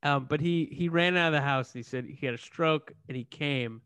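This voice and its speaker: Brash male co-host, fairly high, dry close sound. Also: a little fast, a bit bright, clean tone, no room sound. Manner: rambling, brash, profane. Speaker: podcast co-host. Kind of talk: casual comedy chat.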